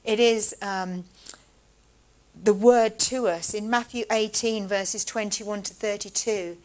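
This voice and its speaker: A woman preaching a sermon in a measured, conversational way. She slows down to stress key words and drops in casual asides. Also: medium pitch, steady tone, rough recording.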